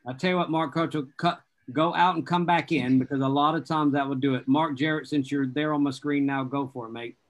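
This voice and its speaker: A man's voice: on the high side, steady tone, fairly quick. A man casually hosting an online networking event, handing over to speakers and joking about being bad with names. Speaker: host. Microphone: video call. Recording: dull lo-fi video call audio.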